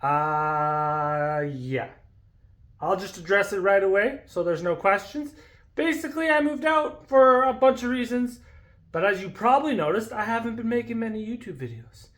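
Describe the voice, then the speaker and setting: High-voiced male vlogger; loose, rambling, self-deprecating delivery. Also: expressive, moderate pace, a bit bright. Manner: rambling, self-deprecating, stumbling over words. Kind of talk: casual vlog chat. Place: home garage.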